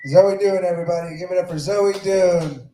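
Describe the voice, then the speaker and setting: A man hosting an open mic, bantering loudly from the stage and introducing the next act. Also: sits high, fairly even intonation, normal speed. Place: comedy club. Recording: echoey club room.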